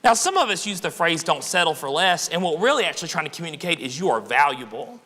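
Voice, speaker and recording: A man's voice: a little high, big pitch swings, fast talker, pushed and bright. A young man preaching a conversational sermon in church, often checking in with the congregation. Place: church sanctuary. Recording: reverberant church hall.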